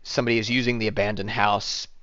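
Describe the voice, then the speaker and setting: A man's voice: lowish voice, flat delivery, quick pace, pushed and bright, clean tone, dry recording, highs cut off. A man narrating as dungeon master in a casual, rambling way with many fillers. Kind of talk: narrating a tabletop game.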